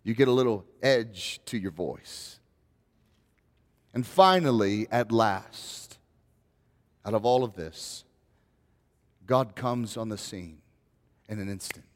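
A man's voice: fairly low pitch, expressive, takes it slowly, pauses often, long reverb tail. A male pastor preaching a sermon in a conversational way, building to rising, emphatic questions.

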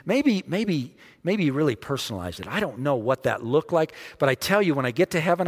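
A man preaching a sermon, dramatic, dropping almost to a hush to stress a point. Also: on the high side, big pitch swings, fairly quick, hardly any pauses, slightly rough. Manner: dramatic, drops to a near hush for emphasis. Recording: long hall reverb.

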